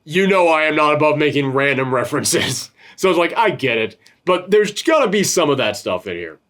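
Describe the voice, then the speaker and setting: A man's voice: a little high, big pitch swings, brisk, fairly bright tone. A man hosting a casual film-review chat, rambling and swearing freely. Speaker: podcast host reviewing a film.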